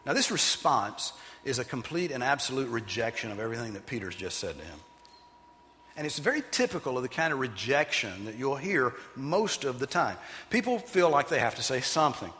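A man preaching a sermon as pastor, animated and emphatic, sometimes putting on loud voices for the people he quotes. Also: medium pitch, a little fast, in a large hall, slight background noise.

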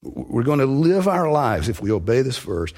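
A man's voice: medium pitch, very animated, moderate pace, darkish tone. A man preaching a sermon, earnest and emphatic, building on repeated phrases.

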